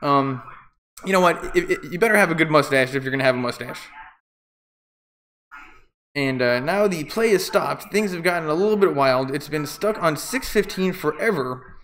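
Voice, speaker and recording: Man, slightly high voice, casual play-by-play, rambling, opinionated, jokey. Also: expressive, moderate pace, fairly bright tone, slight background noise. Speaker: amateur play-by-play commentator. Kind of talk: casual live play-by-play commentary.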